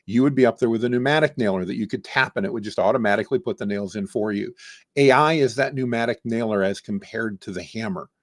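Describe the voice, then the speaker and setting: Man, interview guest, dry close sound, animated storyteller. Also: on the low side, quick pace, dry recording. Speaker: guest, AI trainer.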